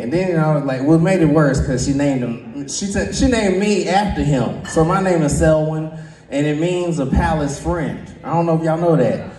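A man doing a stand-up comedy set, who often laughs at his own jokes and jumps into high voices for the people he quotes. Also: expressive, moderate pace, dark tone, far from the mic. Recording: roomy sound from away from the mic.

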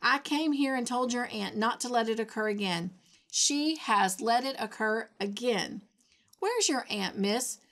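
A woman's voice: fairly high pitch, normal speed, close to an everyday voice. A woman voicing a short, fat, bald old farmer who splutters with anger and keeps saying "miss" indignantly. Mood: furious.

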